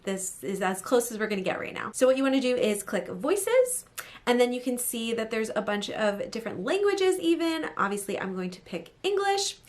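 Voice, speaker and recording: A woman's voice: a little high, a bit bright. Chatty upbeat woman explaining phone steps. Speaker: novelist showing a phone app. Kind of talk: casual how-to vlog.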